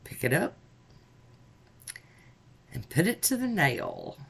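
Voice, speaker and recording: A woman's voice: sits low, huge pitch swings, slow, vocal fry, a bit bright, husky. Chatty woman narrating a nail tutorial. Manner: chatty, upbeat, talks through each step. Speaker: nail art vlogger.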